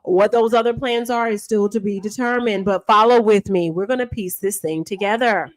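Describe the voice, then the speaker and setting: A woman, a mother, chatting casually as she recaps online drama in an animated, repetitive, slangy way. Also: medium pitch, normal speed, no echo. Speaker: livestream drama commentator.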